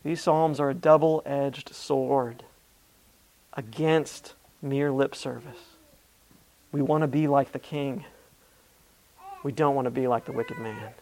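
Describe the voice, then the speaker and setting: A man's voice: mid-range voice, takes it slowly, pauses often, a little mellow. A man preaching a sermon, reading scripture aloud with earnest emphasis and often restarting his phrases. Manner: repeats words and restarts mid-phrase.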